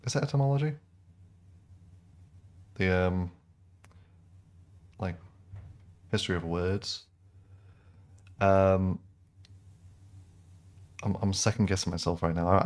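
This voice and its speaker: A man's voice: low-pitched, level tone, a little slow, pauses often. A man chatting casually as he streams a game, rambling with lots of ums and likes. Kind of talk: casual gameplay commentary.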